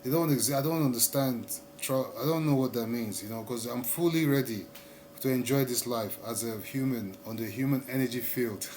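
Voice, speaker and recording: A man speaking in a rambling monologue to his viewers. He often repeats himself and slows down to stress his points. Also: mid-range voice, a little mellow, a little hiss or hum. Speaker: vlogger. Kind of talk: casual monologue to camera.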